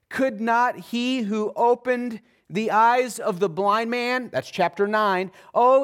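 A man preaching a sermon, speaking earnestly and conversationally, slowing and dropping his voice to stress scripture. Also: high-pitched. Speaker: pastor.

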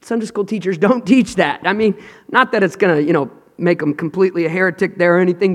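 A man preaching a sermon with passion. He reads scripture dramatically and swings between shouting and hushed, near-whispered tones. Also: high voice, fairly quick, in a large hall.

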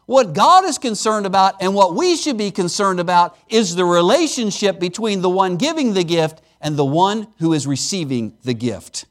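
A man preaching a sermon as a guest speaker at a missions conference, animated and conversational, with emphatic lines and playful asides. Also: sits high. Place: church service.

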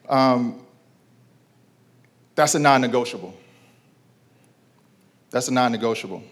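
A man's voice: mid-range voice, animated, brisk, pauses often. A man in his thirties preaching a sermon, talking casually to the congregation, asking questions and repeating key lines. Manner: conversational preaching with rhetorical questions and repetition; call-and-response with congregation. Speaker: pastor.

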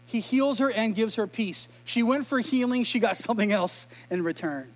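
Playful middle-aged pastor, very high voice, storytelling sermon. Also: male voice, lively intonation, moderate pace.

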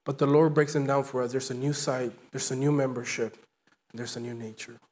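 A man's voice: medium pitch, flat delivery, a little fast, a little mellow. A man preaching a sermon as pastor, earnest and emphatic, driving his points home with repeated phrases.

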